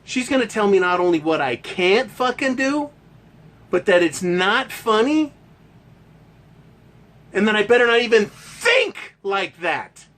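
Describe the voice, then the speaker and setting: A man's voice: high voice, lively intonation, unhurried, long pauses, fairly bright tone. A male podcast host delivering a profane ranting monologue full of rhetorical questions.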